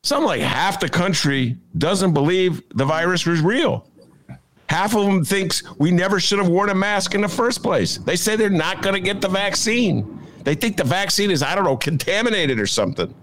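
A man hosting his own podcast from home, delivering sarcastic political commentary in a lively, animated way. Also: sits high, normal speed. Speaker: podcast host. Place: home apartment.

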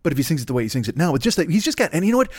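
Animated profane man riffing solo. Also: a little high, racing, husky, dry recording, studio quality. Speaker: podcast host. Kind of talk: rambling comedic monologue.

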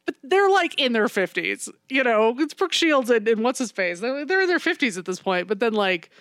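A woman's voice: a little high, sing-song, moderate pace, fairly bright tone, smooth, no room sound, studio quality. A woman in casual chat, animatedly retelling a movie plot, swearing freely and acting out the characters' lines.

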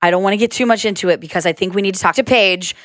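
A woman's voice: mid-range voice, rapid-fire, no room sound, studio quality. A young woman co-hosting a podcast, bubbly and guiding the chat with easy laughter. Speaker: podcast co-host. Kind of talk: casual chat.

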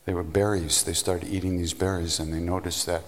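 A man giving a storytelling spiritual talk, unhurried, meandering and reflective. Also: low voice, level tone, big-room sound. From United States. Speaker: spiritual teacher.

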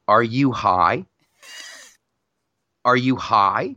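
A man's voice: mid-range voice, big pitch swings, normal speed, pushed and bright, no room sound, highs cut off. A man co-hosting a podcast, chatting casually and ranting about a movie, acting out scenes in mocking voices. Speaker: podcast co-host. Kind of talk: casual chat, movie rant.

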